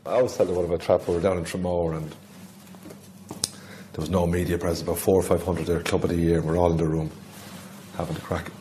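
A man playing a brash Irish football official, telling a crude after-dinner story in a fast Irish accent, heard in a distant archive clip. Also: low-pitched, level tone, warm tone, soft background music, close to an everyday voice. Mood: boastful. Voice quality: rapid storytelling, crude punchline.

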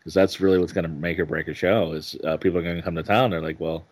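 Very deep-voiced rambling male comic. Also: steady tone, slightly rough. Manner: rambling, halting, many restarts. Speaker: stand-up comedian, guest. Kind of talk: casual podcast interview.

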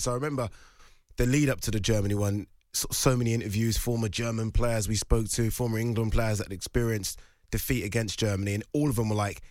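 Radio presenter, male: quick casual recollection, lowish voice, dry recording. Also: fairly even intonation, a little mellow, dry recording. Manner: conversational, slangy.

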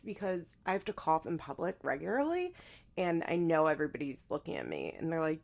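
A young woman hosts a casual solo podcast, her voice hoarse and her nose stuffed up from allergies. Her tone carries a gravelly, creaky edge. She rambles chattily, laughing often and restarting her sentences. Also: lowish voice, very animated, moderate pace. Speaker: podcast host.

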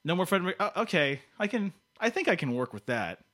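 A man's voice: high-pitched, sing-song, fairly quick, fairly bright tone. A man co-hosting a podcast, chatting casually with a playful, teasing and theatrical manner. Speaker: podcast co-host.

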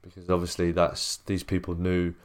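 A man's voice: low-pitched, normal speed. A man co-hosting a podcast, talking casually and swearing freely. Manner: laid-back, swears freely, lively storyteller. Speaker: podcast co-host. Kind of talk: casual chat.

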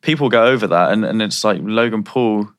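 A man's voice: fairly low pitch, brisk, clean tone. A man co-hosting a podcast, musing in casual chat with hesitant restarts. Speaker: podcast co-host.

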